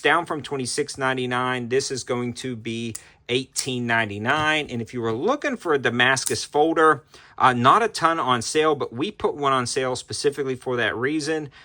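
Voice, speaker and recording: A man running through a list of knife deals, reeling off prices and features in a quick, upbeat sales-style patter. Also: medium pitch, sharp tone. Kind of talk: product deal rundown.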